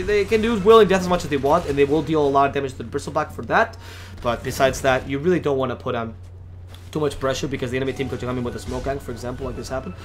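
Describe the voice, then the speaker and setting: A man casting an esports match alone, talking fast, correcting himself often and getting louder in fights. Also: medium pitch, a little hiss or hum. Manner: fast, self-correcting, rising to excited shouts in fights. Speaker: esports caster. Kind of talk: solo game commentary.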